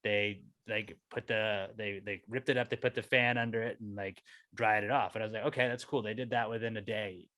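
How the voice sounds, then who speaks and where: Bright sharp guy on a podcast, rants and swears, gets loud and high when mad. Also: fairly even intonation, a little fast, no echo. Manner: ranting, profane storytelling, voice rising when angry. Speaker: podcast co-host. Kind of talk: casual chat.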